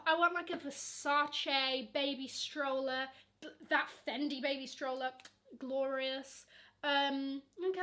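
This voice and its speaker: A woman's voice: sits high, sharp tone. A young woman, chatting casually through a Q&A vlog with lots of fillers and playful asides. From Nigeria. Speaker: luxury vlogger.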